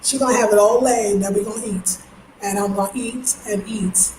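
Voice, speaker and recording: A woman from New York, chatting casually in a vlog, slangy and animated, breaking into high mimicking voices. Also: moderate pace. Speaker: vlogger. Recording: echoey space with faint ambient noise.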